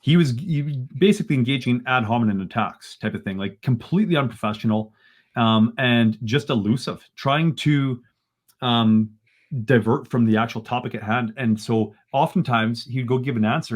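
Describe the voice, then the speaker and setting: A man, a podcast guest retelling events in an animated, exasperated way and often ending lines with "right?". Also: medium pitch, fairly quick. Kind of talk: casual storytelling in a podcast interview.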